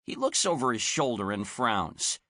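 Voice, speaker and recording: A man narrating a children's audiobook in an expressive storytelling manner. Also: medium pitch, normal speed, dry recording. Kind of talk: scripted narration.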